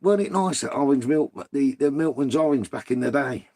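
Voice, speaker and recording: A man's voice: mid-range voice, animated, a little fast, mellow. A middle-aged man, chatting casually on a live stream, swearing freely and bantering with viewers. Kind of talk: casual live-stream chat reading comments.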